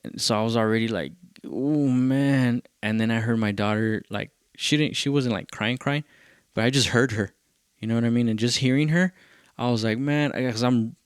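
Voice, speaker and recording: A man's voice: medium pitch, brisk, clean tone, no echo, studio quality. A male podcast host, telling a loose, profane story in a casual rambling way and dropping in Spanish phrases.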